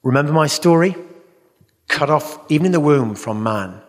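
Earnest middle-aged male Christian teacher, animated storyteller, recorded in a reverberant hall. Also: on the high side, normal speed. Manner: earnest, acts out voices in stories. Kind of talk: teaching talk at a church conference.

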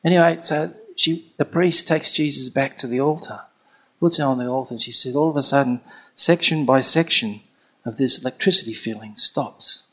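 Husky man telling a story. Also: mid-range voice, moderate pace. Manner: animated, acts out quoted speech. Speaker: pilgrimage companion telling a story. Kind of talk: anecdotal storytelling.

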